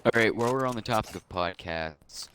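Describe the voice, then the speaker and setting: Low-voiced man telling rambling stories. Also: fairly quick, fairly bright tone, slight background noise. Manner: rambling storyteller, swears freely. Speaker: podcast co-host. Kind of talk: casual chat.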